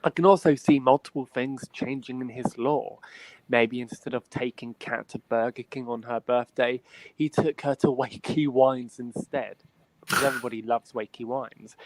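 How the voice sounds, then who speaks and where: A man reading out a listener question on a podcast, with a measured, deliberate delivery. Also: medium pitch, poor audio. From Britain.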